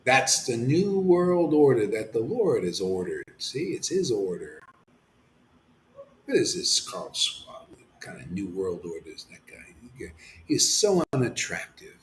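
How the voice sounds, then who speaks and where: A man giving an impassioned devotional sermon as a spiritual teacher. He swings between fervent near-shouts and hushed murmurs, and he talks emphatically and repeats himself, dropping in a slangy "man". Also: medium pitch, sing-song, measured pace, reverberant, a little hiss or hum, rough recording.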